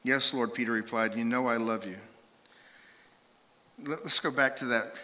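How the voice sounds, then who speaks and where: A man preaching a sermon as a pastor, telling stories and acting out quoted voices with lively shifts. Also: mid-range voice, moderate pace, big-room sound. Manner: animated storytelling, acts out voices and quotes. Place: church sanctuary.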